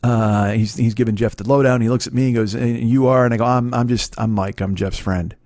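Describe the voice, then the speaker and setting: A man's voice: mid-range voice, steady tone, fairly quick, darkish tone, dry recording, studio quality. A middle-aged man hosting a podcast, telling a rambling, profane, self-deprecating story with many restarts. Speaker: podcast host. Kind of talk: casual storytelling monologue.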